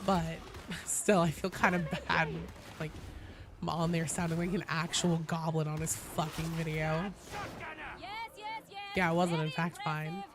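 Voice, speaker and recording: A woman game streamer with a badly damaged, hoarse voice, coughing now and then as she chats casually with her live chat, rambling and swearing freely. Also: low-pitched, level tone, measured pace, pauses often, background noise. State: coughing between sentences. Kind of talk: casual livestream chat, answering chat.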